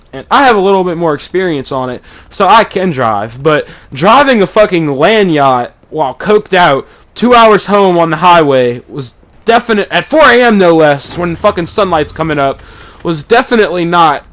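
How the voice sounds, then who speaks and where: A man's voice: a little high, expressive, normal speed, fairly bright tone. A man from East Texas, telling a rambling, profane story about his own life. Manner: rambling, swears a lot, acts out quotes.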